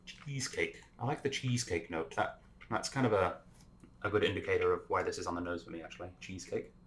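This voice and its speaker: A man hosting a casual whisky tasting chat, relaxed and rambling with plenty of fillers. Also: sits low, fast talker, slight background noise. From Canada.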